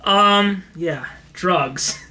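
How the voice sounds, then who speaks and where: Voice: mid-range voice, very slow, bright, forceful tone. A podcast co-host chatting casually and telling a story, laughing often along the way. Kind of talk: casual comedy podcast chat.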